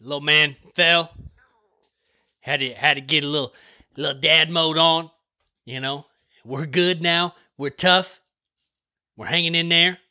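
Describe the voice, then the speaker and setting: A young man hosting a podcast, giving a fired-up, profane motivational talk that swings between yelling and relaxed joking, his throat getting dry from the shouting. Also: on the high side, measured pace, pauses often. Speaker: podcast host.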